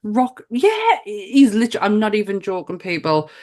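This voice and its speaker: A woman's voice: medium pitch, huge pitch swings, normal speed, darkish tone. A woman co-hosting a casual film review podcast, blunt and giggly, and she swears freely. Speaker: podcast co-host.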